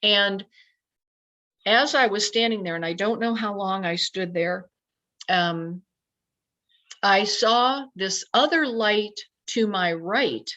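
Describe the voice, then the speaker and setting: A woman guest telling a personal story in a lively way, acting out her own past thoughts as quotes. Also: mid-range voice, slow, long pauses. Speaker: podcast guest. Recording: dull lo-fi sound.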